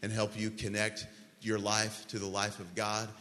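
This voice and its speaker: A man preaching a sermon as pastor, earnest and pleading, slowly leading the congregation through a prayer. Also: fairly low pitch, completely flat delivery, fairly bright tone. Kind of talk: sermon altar call. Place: large church hall. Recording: long church hall reverb.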